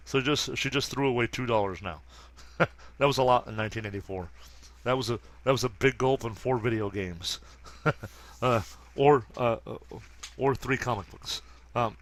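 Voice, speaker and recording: A man casually reads a comic book aloud and chats about it between panels. His voice sits at an ordinary middle pitch. He stumbles often, restarting words and filling gaps with uhs. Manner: reads with frequent halting restarts and fillers. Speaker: comic book reader and commentator. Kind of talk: casual comic reading with asides.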